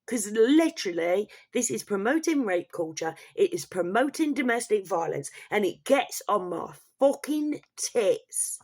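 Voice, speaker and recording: A woman rants into the camera in a vlog, swearing freely and hammering home each point. She talks at a slow, deliberate pace that leaves room for every emphatic word. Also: medium pitch, big pitch swings, a little mellow, husky. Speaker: vlogger. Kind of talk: ranting vlog monologue.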